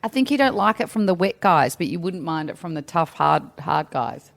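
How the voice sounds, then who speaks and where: A woman's voice: lowish voice, expressive, moderate pace, gravelly. A woman co-hosting a radio show, teasing and firing questions in casual banter. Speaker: radio host.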